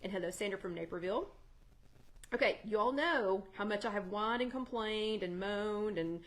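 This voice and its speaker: A woman's voice: medium pitch, moderate pace. Chatty woman hosting a livestream. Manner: chatty, warm-toned greetings with frequent fillers and self-corrections. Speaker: host of a weekly wellness livestream chat. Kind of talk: casual livestream chat, greeting viewers. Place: loft at home.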